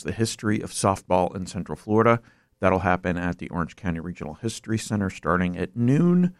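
A man's voice: on the low side, creaky, no echo. A young man hosting a college radio show from a studio, chatting casually and rambling with fillers and apologies. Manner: rambling, self-deprecating, lots of fillers. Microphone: studio mic.

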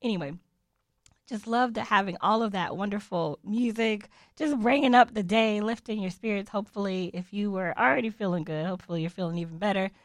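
A woman's voice: medium pitch, fairly quick, no room sound, studio quality. A woman hosting a devotional podcast, giving a casual, upbeat, encouraging talk with playful asides. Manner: chatty, upbeat, playful asides and mock voices.

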